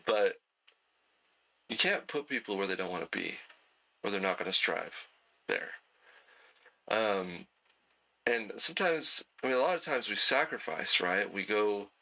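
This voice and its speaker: A man teaching an online night class in a relaxed, conversational way, with plenty of fillers and throat clearing. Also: fairly low pitch, a little slow, pauses often, low-quality recording. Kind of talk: casual lecture.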